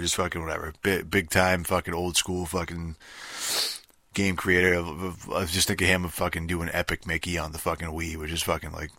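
Deep-voiced man ranting, swearing constantly. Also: bright, forceful tone, dry recording. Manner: profane, rambling, heavy filler swearing; sarcastic, mocking. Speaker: gaming commentator. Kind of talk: casual ranting monologue.

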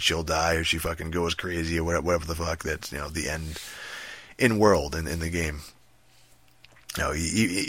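A man's voice: sits low, a bit bright, no room sound. A man ranting casually about a video game, profane and rambling, with many fillers and restarts. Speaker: gaming commentator.

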